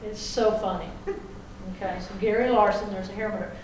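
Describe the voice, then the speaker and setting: A woman's voice: mid-range voice, fairly even intonation, fairly quick, a little hiss or hum. Chatty woman teaching a class. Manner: chatty, folksy, checks in with "okay?" often. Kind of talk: classroom lecture. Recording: echoey classroom from far off.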